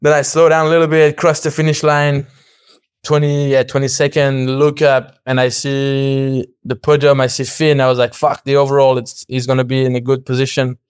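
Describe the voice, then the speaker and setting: A man's voice: medium pitch, normal speed, smooth, no echo. A young man, a podcast guest, telling a story casually and animatedly, acting out what people said and laughing often. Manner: animated, acts out quoted dialogue, laughs often, swears.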